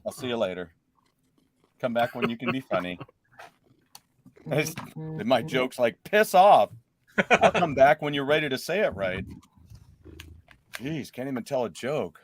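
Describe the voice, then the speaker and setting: A man hosting a casual live show, joking around and laughing loudly with his guests. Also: mid-range voice, animated, a little slow, pauses often, slight background noise. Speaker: host.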